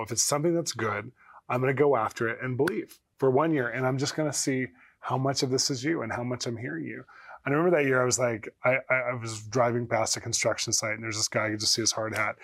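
A man speaks fast and animatedly as a guest on a faith talk show. He tells personal stories and acts out his own inner voice, at a middling pitch. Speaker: guest, prophet. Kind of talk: storytelling in a talk-show interview.

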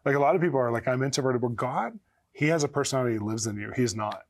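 A man speaks fast and animatedly as a guest on a faith talk show. He tells personal stories and acts out his own inner voice, at a middling pitch. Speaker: guest, prophet. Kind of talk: storytelling in a talk-show interview.

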